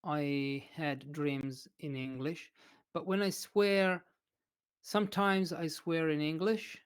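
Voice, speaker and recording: Slow-speaking man. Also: fairly high pitch, fairly even intonation, clean tone. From Italy. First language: Italian. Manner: thoughtful, hesitant, with many fillers. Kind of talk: casual interview chat.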